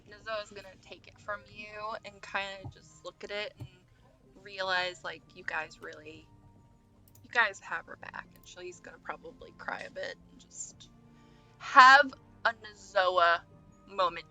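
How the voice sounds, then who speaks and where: A woman playing in a tabletop game, giggly and expressive as she narrates her character. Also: mid-range voice, a little slow, soft background music. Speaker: player. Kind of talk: tabletop role-play chat.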